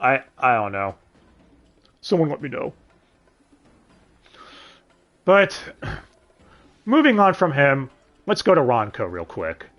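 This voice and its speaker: A man's voice: mid-range voice, wildly swooping pitch, unhurried, long pauses, a bit bright, muffled recording. A man reviewing a dub in casual commentary, sarcastic and swearing, with sighs and questions to his listeners. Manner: sarcastic, swears often, sighs and asks the audience.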